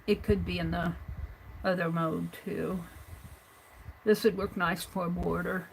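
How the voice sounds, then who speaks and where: A woman's voice: fairly low pitch, fairly even intonation, measured pace, vocal fry, a little hiss or hum, poor audio. A woman hosting a live drawing tutorial, chatting and thinking aloud as she narrates and counts each stroke. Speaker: art stream host.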